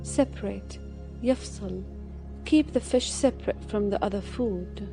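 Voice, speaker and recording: A woman teaching vocabulary, reading single words and example sentences in a slow, measured way. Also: mid-range voice, gravelly, music in the background. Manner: slow, measured reading, one word at a time.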